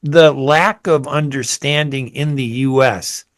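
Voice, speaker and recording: A man hosting a radio interview show, chatty and brisk as he wraps up. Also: on the high side, fairly even intonation, no room sound. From United States. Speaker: radio host.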